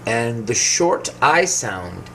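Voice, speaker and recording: A man, an English speaker, explaining vowel sounds slowly and clearly as a pronunciation teacher. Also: mid-range voice, very animated, pushed and bright, a little hiss or hum. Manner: tells anecdotes, acts out quoted people.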